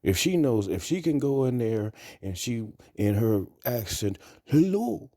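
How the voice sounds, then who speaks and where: A man's voice: fairly low pitch, animated, a little slow, dark tone, no room sound, studio quality. A man talking to camera in a blunt, crude, rambling monologue. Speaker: vlogger. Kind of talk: casual monologue.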